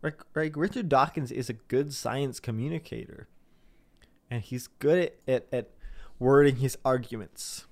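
A man's voice: medium pitch, a little slow, vocal fry, no echo. A young man giving a casual, sarcastic commentary monologue, rambling and mocking people in put-on voices.

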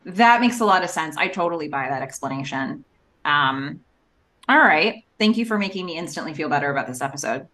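A woman's voice: low-pitched, animated, a little fast, bright, forceful tone. A woman co-hosting a TV rewatch podcast, chatting casually and reading out episode details. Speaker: podcast co-host. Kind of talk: casual chat.

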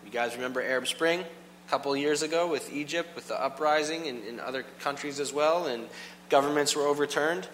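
A man preaching a casual, animated sermon, full of "like" and quick asides to the congregation. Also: a little high. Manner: animated, filler-heavy with frequent "like". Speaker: pastor. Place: church hall. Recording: long hall reverb, faint hum.

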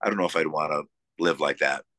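A musician guest from the Buffalo area of the United States tells stories enthusiastically in a casual interview, his voice low and bright. He halts often, using many fillers and restarts. There's no room sound.

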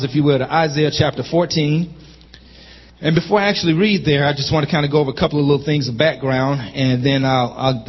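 A man preaches a sermon in a high, ringing voice, calling to his congregation and climbing into shouts. The sound is somewhat dull and lo-fi. His voice trails off in a long reverb, as in a large church sanctuary. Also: husky. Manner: call-and-response preaching, rising to shouts. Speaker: pastor.

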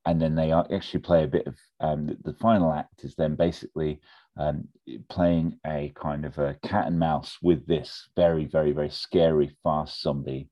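Deep, mellow man rambling through a story. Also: moderate pace. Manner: rambling and animated, with many fillers and restarts. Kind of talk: casual chat, pitching a film plot.

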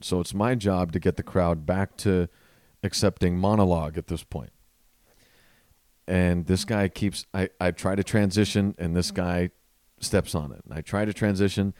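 A comedian with an East Coast American accent tells stories in casual chat, acting out the crowd's voices. His voice sits on the low side, and the mic is close and dry. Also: darkish tone, no echo. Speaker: podcast co-host and comedian.

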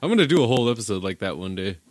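Male podcast host, lowish voice, dry close sound, profane joking chat. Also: big pitch swings, very fast, no echo. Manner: profane, joking, laughs often. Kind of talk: casual chat.

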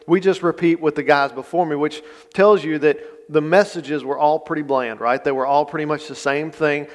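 Man, fairly high-pitched voice, pastor giving a casual sermon, long reverb of a church. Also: steady tone, moderate pace. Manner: conversational, plain-spoken, folksy asides. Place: church sanctuary.

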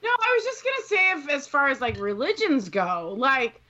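A woman co-hosting a casual chat, loud, excitable and quick to swear and laugh. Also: sits high, lo-fi sound. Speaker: podcast co-host.

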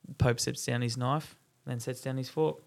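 A man's voice: mid-range voice, steady tone, normal speed, creaky. A man co-hosting a dads' podcast, chatting casually, rambling a little and laughing often. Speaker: podcast co-host. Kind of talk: casual chat, telling a joke.

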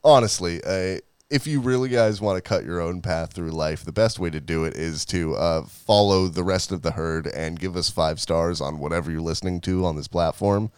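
A man's voice: deep voice, normal speed, hardly any pauses, darkish tone, clean tone, dry recording. A man co-hosting a podcast in casual chat, rambling, laughing often and swearing freely. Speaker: podcast co-host.

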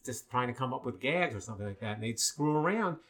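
An older man from Long Island, New York, telling stories in a casual chat, animated and full of fillers. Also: mid-range voice, fast talker. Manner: animated storyteller with many fillers.

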